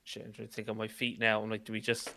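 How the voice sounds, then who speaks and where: A man's voice: lowish voice, completely flat delivery, fast talker, vocal fry, background noise. A man with an Irish accent playing a tabletop role-playing game, hesitant and thinking aloud. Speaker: player. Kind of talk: casual tabletop play.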